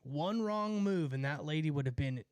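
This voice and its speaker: This California streamer, a young man, swears casually and laughs at himself as he rambles through a story. He sounds expressive and smooth at normal speed, a bit high-pitched for a man, with close, dry audio and no echo.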